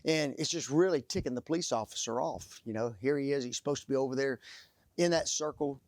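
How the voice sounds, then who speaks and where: A man preaching a sermon, telling stories and pausing to let the audience fill in the blanks. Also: mid-range voice, no echo. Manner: animated storytelling.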